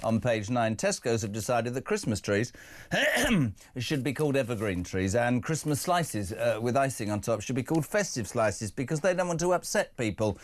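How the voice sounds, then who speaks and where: A man's voice: mid-range voice, sing-song, normal speed. A man hosting a live breakfast talk radio show, chatty with wry asides while reading out listener messages.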